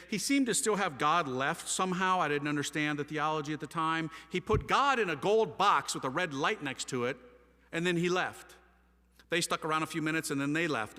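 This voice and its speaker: A man giving an energetic, casual storytelling talk about his life, acting out conversations in slang. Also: a little high, long reverb tail. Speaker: speaker giving his testimony.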